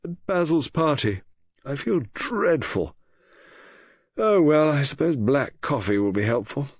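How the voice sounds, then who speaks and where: A man's voice: on the high side, lively intonation, measured pace, breathy edge, dry recording, pitched above the performer's own voice. Man voicing a drawling, blasé young woman. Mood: drowsy. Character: languid, blasé young woman, arty and teasing. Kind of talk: audiobook character reading. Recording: dull lo-fi audio.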